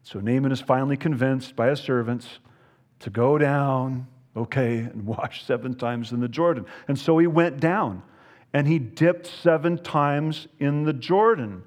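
A pastor giving an animated expository sermon, emphatic, with playful asides and frequent repeated words. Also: male voice, mid-range voice, measured pace. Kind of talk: expository Bible teaching sermon.

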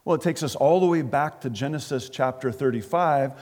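A man's voice: mid-range voice, fairly quick, darkish tone. A man preaching an expository sermon, earnest, often repeating words as he stresses a point. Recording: long reverb of a large hall.

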